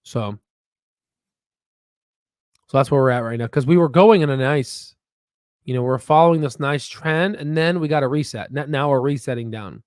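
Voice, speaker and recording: A man hosting a casual stock market video, rambling and excitable, with frequent profanity and restarts. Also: mid-range voice, moderate pace, pauses often, no room sound, studio quality. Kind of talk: casual market commentary with screen share.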